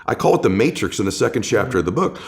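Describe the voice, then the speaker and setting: A man's fairly low voice carries an emphatic, conversational story as a guest author. He hammers key phrases through punchy repetition and goes quiet and tender when he speaks of family. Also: big pitch swings, very fast, vocal fry.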